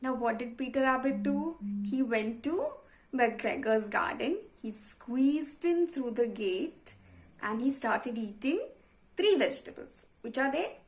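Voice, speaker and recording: Woman teacher, high voice, patient questions for young pupils. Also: lively intonation. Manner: slow, patient, asks the class questions. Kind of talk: explaining a story to young children.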